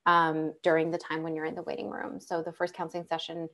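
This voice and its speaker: Woman, young adult, low voice, conversational, animated, filler-heavy storytelling. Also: fast talker. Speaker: panel guest sharing personal story. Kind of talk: conversational personal account.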